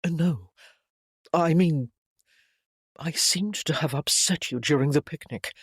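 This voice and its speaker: A reader voicing a reserved, lovestruck young nobleman who speaks quietly and courteously, sometimes faltering, in an audiobook. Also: medium pitch, slow, slightly rough, no room sound, clean studio sound. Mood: earnest. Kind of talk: audiobook character voice.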